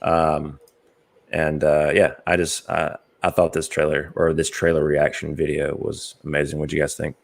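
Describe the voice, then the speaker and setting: A man's voice: rumbling low, completely flat delivery, moderate pace, gravelly. An American man hosting a casual podcast chat, rambling with many fillers and easy laughs. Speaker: podcast host.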